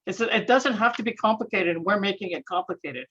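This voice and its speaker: A woman's voice: medium pitch, fairly quick, pushed and bright, a little hiss or hum. A woman town councillor speaking bluntly and impatiently in a council meeting. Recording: dull lo-fi call audio.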